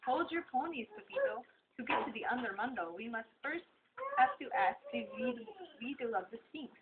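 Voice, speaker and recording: A woman's voice: high-pitched, very animated, normal speed, voice pushed up. Bossy little Chihuahua chief, read by a woman; tinny lo-fi. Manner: bossy, mock-Spanish. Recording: tinny lo-fi with hiss.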